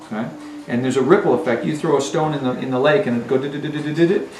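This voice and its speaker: Indoors in a home, a male dog trainer speaks emphatically to a dog owner, frequently checking in with "Okay?". His mid-range voice is quick and a little mellow, with soft background music and faint ambience in an echoey room.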